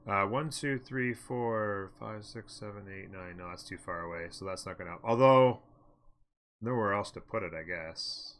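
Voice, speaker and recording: A man's voice: on the low side, moderate pace, fairly bright tone. A man hosting a strategy game let's play, chatting and thinking aloud as he plays and answering his chat.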